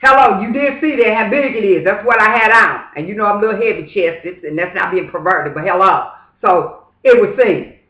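A man's voice: sits high, fairly quick, bright, forceful tone. A man talking straight to camera in a casual, preachy vlog monologue, emphatic and fervent, with repeated rhetorical asides. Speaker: vlogger. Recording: roomy echo.

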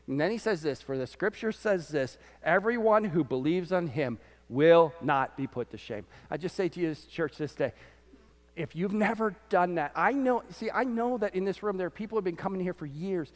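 A man preaching a sermon as pastor to his congregation, animated, his voice swinging from loud peaks to quiet lows. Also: normal speed. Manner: animated preaching, voice rising and dropping sharply. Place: church sanctuary. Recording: church sanctuary with long reverb.

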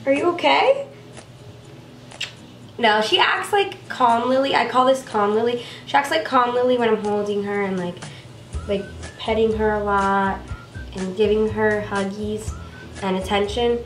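A woman's voice: medium pitch, moderate pace, roomy sound, distant mic, faint music behind. A young woman vlogger chatting in a gushing, rambling way about her pet, with many fillers, recorded on a camera at home.

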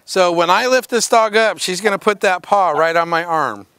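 A man's voice: high-pitched, normal speed, sharp tone, smooth, no echo. A man instructing dog show handlers at a workshop, giving plain direct commands with playful asides. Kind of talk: hands-on coaching at a workshop.

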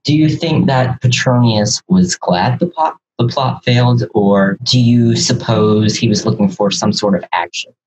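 A man's voice: mid-range voice, unhurried, few pauses, darkish tone, muffled recording, a little hiss or hum. A man co-hosting an interview, asking direct questions. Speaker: co-host.

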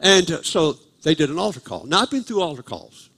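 Older man, raised pitch, humorous storytelling sermon, church service. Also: big pitch swings, a little fast, creaky, fairly bright tone, husky. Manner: humorous, self-deprecating storyteller. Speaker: guest preacher. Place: church sanctuary, live service.

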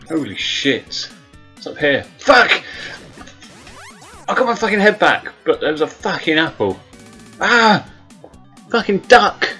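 A man's voice: fairly high pitch, bright, forceful tone, husky. A man hosting his gaming channel, swearing constantly and yelping in mock terror as he plays. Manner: swears constantly, mock-terrified yelps and groans. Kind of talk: comedic let's-play commentary.

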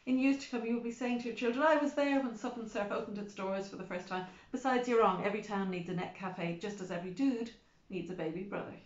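A woman's voice: mid-range voice, quick pace, natural voice. A woman reading the part of a showy, attention-loving young man in his twenties, talking in a grand, salesy way. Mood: boastful. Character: showy 25-year-old man, loves attention. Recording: roomy, slightly dull recording.

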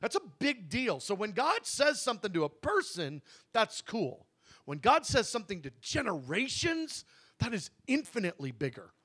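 A man teaching a Bible session in a conversational way, slowing down to stress key words and correcting himself as he goes. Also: high-pitched, wildly swooping pitch, bright, forceful tone, breathy edge. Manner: conversational, with asides and self-corrections.

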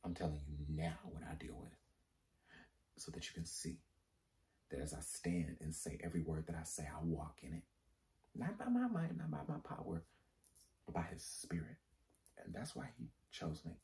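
A very deep, mellow-toned man speaks as a pastor sharing a personal testimony. He keeps it casual and slangy, then lifts into emphatic, preacher-like leaps in pitch. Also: moderate pace, vocal fry. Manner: candid, conversational with slang.

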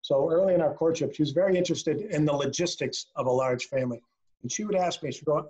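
A middle-aged man from upstate New York doing a stand-up set over a video call from home, landing punchlines dry and slowed down. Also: a little high, a little mellow, muffled recording. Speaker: stand-up comedian. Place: a home, indoors.

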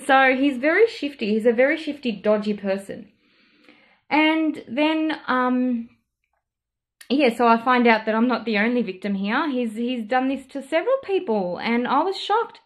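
Woman, perfume vlogger, casual and outraged storytelling, somewhat high voice. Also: moderate pace. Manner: animated, indignant retelling with quoted dialogue.

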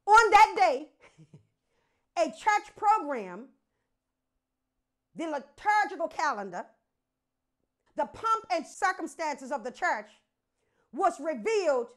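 Woman pastor preaching, really high voice, calls out to the church and laughs along. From Bermuda. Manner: preaching with rising call-outs and laughter. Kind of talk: sermon.

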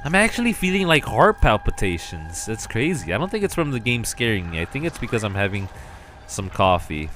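A man's voice: lowish voice, big pitch swings, fairly quick, fairly bright tone. A man playing a horror video game and commentating, panicky, yelping and swearing as he plays. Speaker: let's play gamer. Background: game music.

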